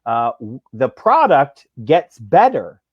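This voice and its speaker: A Pittsburgh man who works as a labor reporter speaks with passion and sarcasm on a political talk show, in casual chat full of fillers and restarts. His medium-pitched voice swoops wildly, has a breathy edge, and moves slowly. The recording is dry with no echo, dull and lo-fi.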